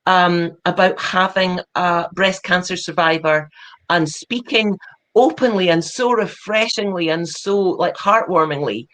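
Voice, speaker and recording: A woman's voice: lowish voice, measured pace, fairly bright tone. A woman interviewing an author, chatty and rambling, often correcting herself mid-sentence. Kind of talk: casual interview chat.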